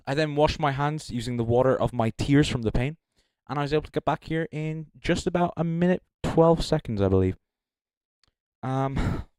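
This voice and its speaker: Speaking into a handheld mic, a young livestream judge offers loose, rambling commentary full of fillers and jokes dropped between thoughts. The mid-range voice sounds clean, with no room sound.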